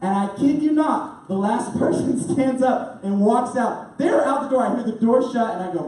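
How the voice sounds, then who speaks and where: Young guy, youth preacher telling a funny story, high mellow voice, far off in a super echoey room. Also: moderate pace, few pauses. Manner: animated, laughing storyteller, many fillers. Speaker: youth pastor.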